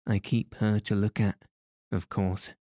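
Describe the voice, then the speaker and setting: A man's voice: fairly low pitch, little pitch movement, a little slow, mellow, dry recording, close to an everyday voice. A man reading the part of a genial, teasing middle-aged priest with dry, playful humor. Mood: gently teasing.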